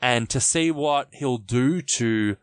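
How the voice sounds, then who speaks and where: A man's voice: mid-range voice, takes it slowly, clear, resonant tone, no echo, studio quality. A man co-hosting a podcast, chatting casually about a film and acting out quotes in a raised voice. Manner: animated, acts out quotes in raised voice. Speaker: podcast co-host. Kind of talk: casual film review chat.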